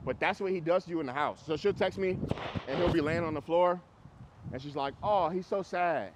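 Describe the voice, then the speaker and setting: A man's voice: a little high, fairly quick. A man, a dog trainer, coaching a client on a walk in a blunt, casual way with frequent laughs. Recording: dull audio with clear street noise.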